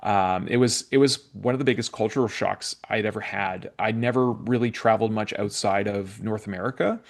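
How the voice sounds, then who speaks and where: A man's voice: lowish voice, a little fast, creaky. A young adult man from Canada hosting a spiritual podcast, telling stories in a casual, rambling way with many fillers and restarts. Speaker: podcast host. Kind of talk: casual conversational interview.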